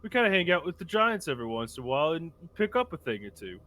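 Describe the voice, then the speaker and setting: A man's voice: fairly high pitch, sing-song, fast talker, bright, forceful tone. A man voicing his big, easygoing adventurer character, who talks in a friendly, rambling way.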